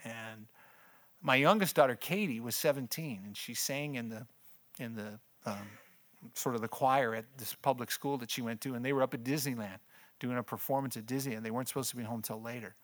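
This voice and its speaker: A man's voice: brisk, a bit bright. An older man, a pastor and missions speaker, giving a conversational personal testimony and laughing often as he tells it. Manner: conversational storytelling, laughs often, voice drops low in heavy moments.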